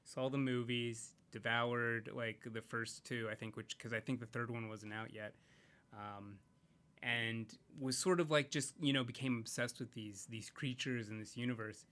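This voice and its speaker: A man's voice: medium pitch, steady tone, moderate pace, a bit bright. A man talking casually as a podcast guest, rambling and reflective, with many fillers and restarts. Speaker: podcast guest, comics creator. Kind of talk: casual interview chat.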